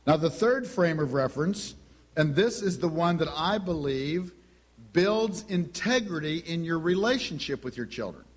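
A man's voice: fairly high pitch, animated, normal speed, breathy edge. A middle-aged man giving a teaching talk on Christian parenting, telling family stories and acting out the dialogue. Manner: storytelling, acts out family dialogue.

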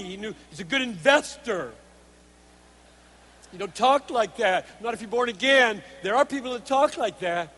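A man preaching a sermon in an earnest, emphatic way, moving between hushed stretches and forceful ones. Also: very high-pitched. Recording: hall reverb.

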